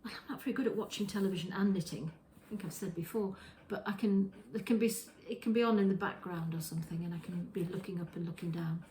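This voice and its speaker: Quick and barely pausing, a woman with a fairly low, warm voice hosts her knitting podcast from the kitchen. Her show-and-tell chat rambles, full of restarts and self-corrections. The rough recording is reverberant, with slight background noise.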